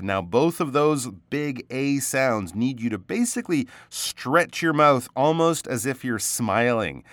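Patient low-voiced male pronunciation teacher. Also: a bit bright, dry recording. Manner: patient, explains words slowly and repeats them. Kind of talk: casual spoken lesson.

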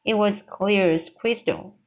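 A woman reading the part of a composed, dignified older lady, crisp and formal. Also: mid-range voice, slow pace. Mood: concerned.

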